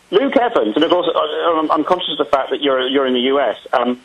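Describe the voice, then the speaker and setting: A man being interviewed about making a film, answering in a casual, halting way with many ums and restarts. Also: fairly high pitch, gravelly, a bit bright, breathy edge, dull audio.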